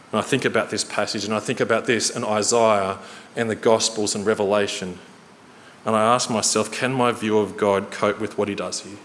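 A man preaching a sermon in a church hall, earnest and storytelling, slowing and quickening for emphasis. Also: on the low side, fairly bright tone. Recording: reverberant hall, faint noise.

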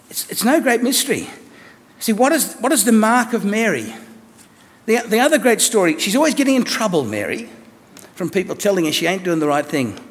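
A man preaching a sermon in a conversational, lively way, asking his listeners questions and telling stories. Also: high voice. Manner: conversational, animated storytelling with rhetorical questions. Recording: long echo of a large hall.

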